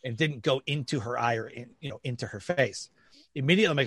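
This middle-aged Detroit, Michigan man, a podcast guest, talks fast and bluntly in casual conversation, emphatic and animated as he acts out what other people said. His medium-pitched voice is a bit bright and slightly rough, and the recording is dry.

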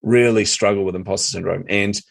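A man's voice: lowish voice, fairly even intonation, a little fast, gravelly. A middle-aged man, telling stories as a guest in an interview and acting out his own reactions. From New Zealand. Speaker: podcast guest, marketing coach. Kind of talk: storytelling interview chat.

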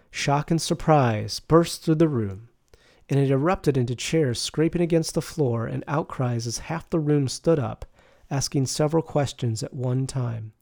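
A man reading a novel aloud in the first person, calm and measured, with a soft teaching manner. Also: medium pitch, creaky. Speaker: audiobook narrator.

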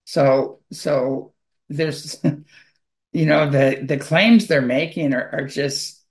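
A man's voice: a little high, steady tone, takes it slowly. Rambling man talking on radio. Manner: rambling, with many fillers and restarts. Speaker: radio show guest speaking on spirituality and UFOs. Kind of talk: casual monologue.

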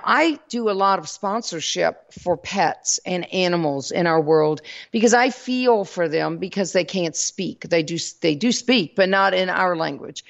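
Southern woman host, folksy spiritual talk, gravelly voice, dull lo-fi recording. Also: medium pitch. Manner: folksy, addresses listeners as y'all.

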